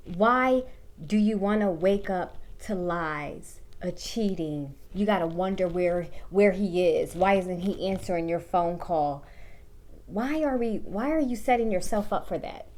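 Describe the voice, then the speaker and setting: Blunt, profane woman giving dating advice. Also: medium pitch. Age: 30s. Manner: blunt, profane, talks straight to the viewer. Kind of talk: casual advice monologue.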